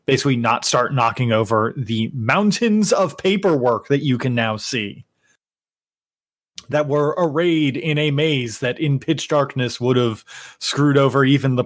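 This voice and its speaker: A man narrating as game master, unhurried, with frequent fillers and self-corrections. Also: medium pitch, no echo, studio quality.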